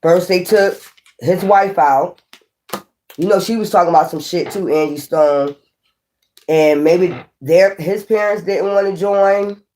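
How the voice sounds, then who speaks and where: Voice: medium pitch, measured pace, dark tone. A tarot reader giving a casual reading straight to viewers, rambling, swearing and hammering points home. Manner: rambling, profane, emphatic.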